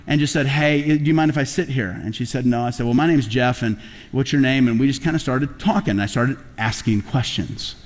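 A man's voice: medium pitch, brisk. A man preaching a sermon as pastor, telling stories and building to emphatic peaks. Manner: animated storytelling preacher, rising to emphatic peaks. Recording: long hall reverb.

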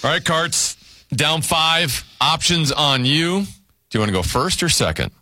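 A man running a word game show with a bright, forceful voice, calling out points and turns at a brisk clip. His pitch swings lively from line to line, and the sound is dry and close with no room around it. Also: no echo. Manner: brisk, announcing scores and turns. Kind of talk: game show hosting, reading scores and clues.

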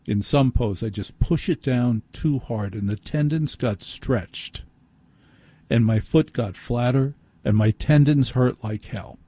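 A man's voice: mid-range voice, slow, warm tone, breathy edge, no room sound. A man hosting a late-night call-in radio show, telling a self-deprecating story into a studio microphone.

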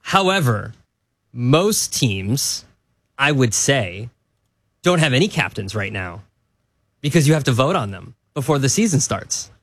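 A man's voice: mid-range voice, sing-song, a little slow, long pauses, dry recording. A man co-hosting a casual sports talk show, rambling and joking with lots of filler words. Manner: rambling, jokey, full of filler "like".

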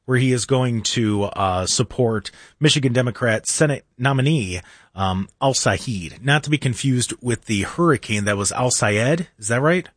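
A man's voice: medium pitch, moderate pace, no echo, studio quality. A man in his thirties hosting a talk radio show, rambling through an opinionated monologue with sarcastic, mock-earnest asides. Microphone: studio microphone.

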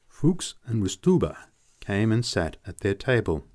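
A man reading short stories aloud as narrator, with an expressive, varied storytelling delivery. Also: fairly low pitch, a little slow, dry recording, clean studio sound.

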